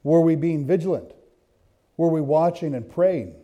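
A man preaching a sermon, telling a story and then reading scripture, swinging from hushed asides to loud bursts. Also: on the high side, moderate pace, lo-fi sound. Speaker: pastor.

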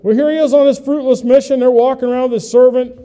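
A man's voice: very high-pitched, steady tone, fast talker, dark tone, clear, resonant tone. A middle-aged male pastor preaching a conversational sermon, folksy and full of questions to the congregation, with self-mocking humor.

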